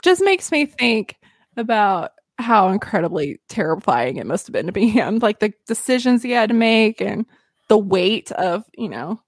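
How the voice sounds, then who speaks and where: A woman's voice: mid-range voice, big pitch swings, normal speed, no echo, clean studio sound. A woman hosting a casual history podcast, telling stories in a chatty, giggly way with lots of fillers. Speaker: podcast host.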